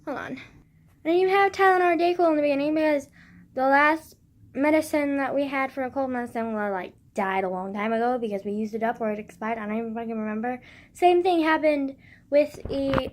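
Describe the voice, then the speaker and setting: A woman's voice: high-pitched, a little fast. A teenage girl rambling casually while sick and congested, swearing often and filling with "like". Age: teens. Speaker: vlogger.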